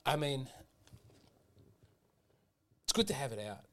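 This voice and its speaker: A man co-hosts a podcast and talks in a thoughtful, searching way. He often trails off before he finishes a sentence. His voice sits at an ordinary middle pitch. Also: big pitch swings, slow. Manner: reflective, musing, trails off mid-sentence. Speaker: podcast co-host. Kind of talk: casual chat.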